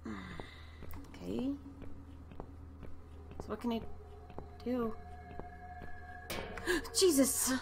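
A woman commenting on a horror game as she plays, excitable and jumpy, swearing and shrieking at scares and reading the game's text aloud. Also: fairly high pitch, drawn-out words, creaky, pauses often, music in the background. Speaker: let's play gamer. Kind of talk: let's play commentary.

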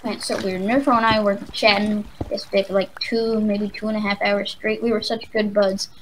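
A woman's voice: medium pitch, little pitch movement, brisk, background noise. A woman casually chatting and joking while playing a game with a friend, rambling on. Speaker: let's play co-host. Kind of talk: casual gaming chat.

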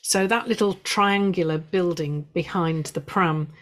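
To a local history society, a woman gives an illustrated talk she has prepared, her voice on the low side. She tells stories in a measured manner, lightened by gentle humour.

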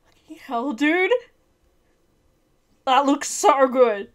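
A young woman with a high, bright-toned voice runs a reaction vlog, chatting excitedly about a TV episode. She gasps, squeals and exclaims loudly as the scenes play, talking quickly between outbursts. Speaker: YouTube reaction host.

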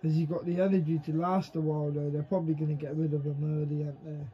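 A man giving casual, excitable reaction commentary to the screen, swearing freely. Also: on the high side, fast talker, dull audio, a little hiss or hum. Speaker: reaction video creator.

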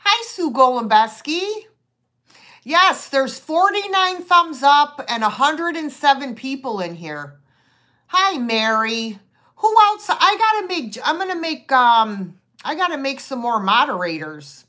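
In a high, very animated voice at a measured pace, a middle-aged woman hosts a live sale online. She rambles chattily, welcoming viewers by name with warm greetings and plenty of filler words.

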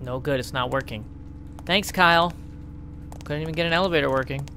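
Brisk and mid-range, this voice belongs to a gamer narrating a let's play in a casual style. He's sarcastic, curses without restraint and shouts at the characters on screen, and there's a little background noise.

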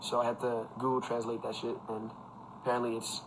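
A man's voice: mid-range voice, completely flat delivery, a little fast, background noise. A young man hosting a casual phone livestream from home, talking loosely with lots of fillers and frequent laughs. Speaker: livestream host. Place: indoors at home with a fan.

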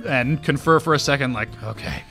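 A man's voice: fairly high pitch, a little slow, bright, forceful tone, soft background music. A man running a tabletop game as dungeon master, narrating in a loose way full of laughs and fillers.

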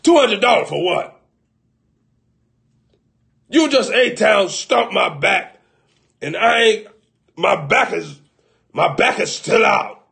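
A man playing a shrill, outraged patient. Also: lively intonation, slow, vocal fry, long pauses, exaggerated voice. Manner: loud, whiny, sputtering. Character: indignant male patient with a sore back.

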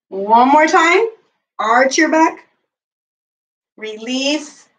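Woman with a higher voice, slow-paced kids yoga teacher, counts poses patiently, mic set back. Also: expressive, a bit bright, echoey room, far from the mic, poor audio. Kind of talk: guiding a children's bedtime yoga class.

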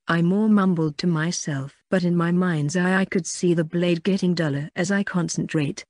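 A woman's voice: fairly low pitch, fairly even intonation, normal speed, few pauses, a little mellow, dry recording, studio quality. A woman narrating a first-person audiobook in a plain, conversational reading with small slips.

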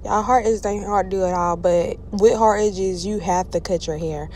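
A woman's voice: medium pitch, moderate pace, a little hiss or hum. A young woman, chatting casually to viewers while she styles a client's hair. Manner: chatty, animated, frequently addresses viewers. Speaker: hairstylist vlogger. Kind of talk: casual tutorial chat.

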